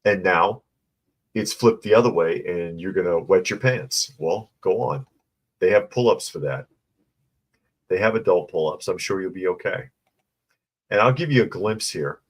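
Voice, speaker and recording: A man with a very low, deep voice hosts a casual livestream commentary. He reads news items and viewer comments aloud, then adds blunt, snarky asides in a relaxed, conversational way. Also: normal speed, long pauses, slightly rough.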